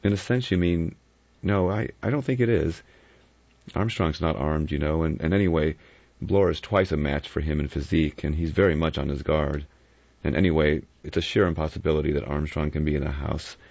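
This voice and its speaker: A cool, sardonic adventurer who speaks softly and mockingly, as a male reader puts him on. His voice is very deep with a gravelly edge, and the audio is dull and close. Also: a little fast, no echo, full character voice. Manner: soft, mocking delivery. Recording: dull lo-fi recording.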